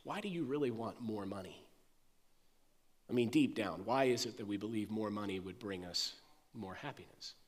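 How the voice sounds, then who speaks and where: A man preaching a sermon, an animated storyteller who acts out the voices of the people in the story. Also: on the low side, moderate pace, long reverb tail. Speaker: pastor. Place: church sanctuary.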